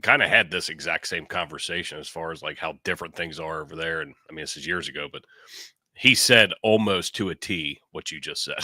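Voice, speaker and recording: A man co-hosting a casual talk show, agreeable and quick to laugh, with halting, restarting sentences. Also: rumbling low, pushed and bright, no echo, clean studio sound. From United States. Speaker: podcast co-host. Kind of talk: casual chat.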